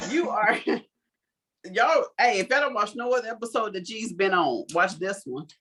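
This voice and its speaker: Lively teasing woman co-host. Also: medium pitch, normal speed. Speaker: podcast co-host. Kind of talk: casual chat.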